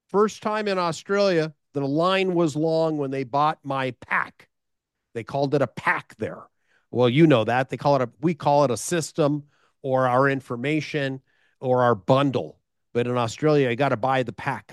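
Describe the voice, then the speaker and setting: Animated American man telling a story. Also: a little high, dry recording, studio quality. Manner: animated, repeats himself, rhetorical questions. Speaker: guest, sales speaker. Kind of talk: storytelling in a conversation.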